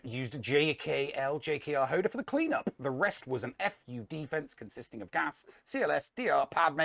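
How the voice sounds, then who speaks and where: A man's voice: a little high, creaky, fairly bright tone, no room sound. A man co-hosting a casual gaming show, recapping matches with dry humor. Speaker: co-host.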